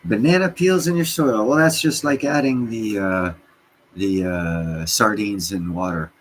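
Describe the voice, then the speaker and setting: Man, very deep voice, livestream host, rambling profane chat, excitable, faint background hiss. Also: a little slow, low-quality recording. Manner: profane, excitable, jumps between topics. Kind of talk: casual rambling rant.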